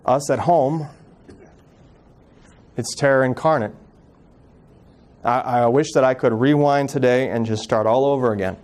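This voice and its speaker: A man in his thirties giving an earnest personal storytelling talk as a guest speaker, acting out family members' words softly. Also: medium pitch, measured pace, long pauses. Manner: earnest, acts out quoted family voices softly.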